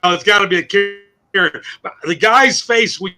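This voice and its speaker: A man's voice: sits high, measured pace, over music. A man hosting a casual podcast chat, profane and laughing as he reads listener messages. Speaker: podcast host.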